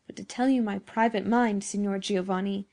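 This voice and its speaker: A woman's voice: medium pitch, steady tone, moderate pace, mellow, close to an everyday voice. A woman voicing an older male professor who is testy and wry, speaking in a dry, teasing way.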